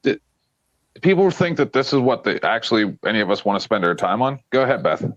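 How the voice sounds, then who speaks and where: A man's voice: lowish voice, sing-song, brisk, no room sound. A man hosting a casual political chat and questioning the other speakers with wry sarcasm. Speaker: host. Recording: muffled dry stream audio.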